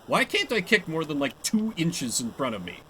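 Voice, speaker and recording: A young male streamer chats casually during live gameplay, poking fun at himself and laughing often. His voice is a little high, bright, and forceful, very animated at normal speed, on a low-quality recording with slight hiss or hum.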